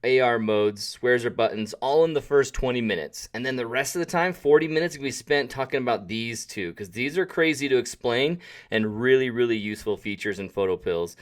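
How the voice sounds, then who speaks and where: A man's voice: mid-range voice, a little fast. Chatty man hosting a live tutorial. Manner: chatty, self-deprecating, jokey asides. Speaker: webinar host and photography teacher. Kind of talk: casual live-stream tutorial. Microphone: desk mic, sometimes drifting off it.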